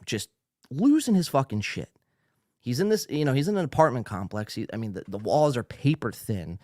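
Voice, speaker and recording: A man's voice: medium pitch, darkish tone, no echo, clean studio sound. Rambling, profane male podcast host. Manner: rambling, profane, with frequent fillers and restarts. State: a little tipsy. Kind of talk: ranting casual commentary.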